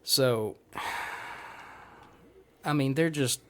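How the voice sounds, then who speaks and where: A man's voice: mid-range voice, drawn-out words, slight background noise. A man, telling a rambling, profanity-laced story in casual chat. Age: 30s. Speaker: comedy podcast host.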